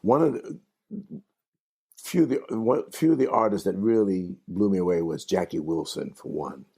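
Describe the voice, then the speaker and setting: A man's voice: deep voice, moderate pace, vocal fry, dark tone, slightly rough. An older man from New York, a jazz singer giving an interview, telling stories animatedly with frequent laughs and restarts. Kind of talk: casual storytelling interview.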